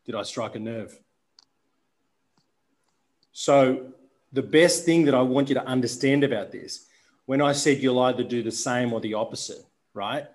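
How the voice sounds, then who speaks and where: A man hosting a podcast, talking deliberately and reflectively as a coach to his guest. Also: mid-range voice.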